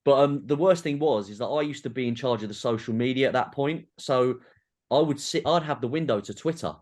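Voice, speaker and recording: A man's voice: medium pitch, brisk, darkish tone. A man in his thirties with a Geordie accent, a podcast guest telling rambling, self-deprecating anecdotes in casual chat.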